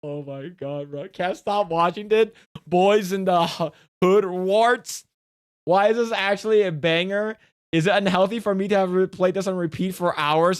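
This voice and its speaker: A man streaming live, reacting to a video in a casual, excitable way, swearing often and restarting his sentences. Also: high-pitched, clean tone, no echo, studio quality.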